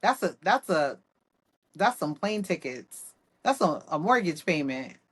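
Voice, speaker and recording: Blunt, animated woman chatting. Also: sits low, measured pace, husky. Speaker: podcast co-host. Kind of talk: casual chat.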